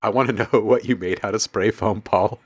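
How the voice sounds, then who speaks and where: At a normal speed and a fairly low pitch, a male music producer runs a laid-back live stream on making music. He jokes around with his chat, reads their comments aloud, and laughs often.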